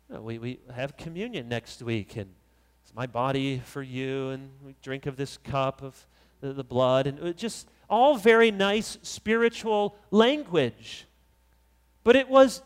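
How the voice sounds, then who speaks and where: A man preaching a sermon as pastor, animated, acting out quoted voices and building to emphatic peaks. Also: on the high side, big-room sound.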